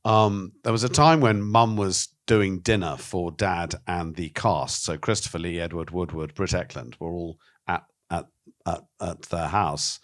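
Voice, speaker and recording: A documentary filmmaker, interviewed about his film, speaks in a deep, unhurried voice. He talks frankly and animatedly in this candid interview, swearing and acting out quotes.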